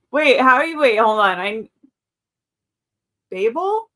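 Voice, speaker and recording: A woman's voice: a little high, lively intonation, normal speed, sharp tone. A woman in her thirties hosting a casual live stream from home, chatting and reading out chat comments. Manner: chatty, reads out chat comments, frequent laughs. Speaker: livestream host.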